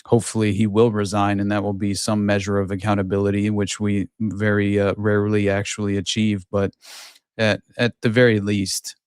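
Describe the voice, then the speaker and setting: A man hosts a casual podcast conversation in a low, rather monotone voice. He talks haltingly, stacking fillers and restarting his sentences. The recording is dry, with little room sound. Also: no room sound. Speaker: podcast host.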